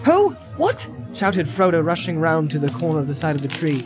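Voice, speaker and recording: A man giving dramatic fantasy audiobook narration in a measured, vivid storytelling manner. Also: fairly high pitch, fairly even intonation, poor audio. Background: music score.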